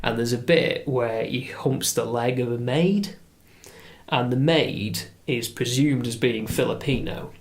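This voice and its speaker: A man, a guest in casual podcast chat, telling stories in an animated way with lively asides. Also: mid-range voice, unhurried.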